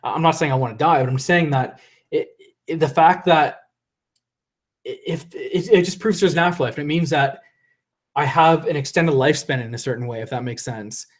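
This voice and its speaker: A young man with a slightly high voice talks a bit quickly while hosting a live stream and reading out viewers' comments. He rambles, starts sentences over, laughs a lot, and his voice is going hoarse.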